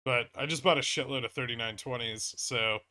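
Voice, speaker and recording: A livestream host trading stocks speaks a little fast in a sharp, mid-range voice, recorded with clean studio sound and no echo. He casually talks through his trades, reacting to the charts and occasionally cursing.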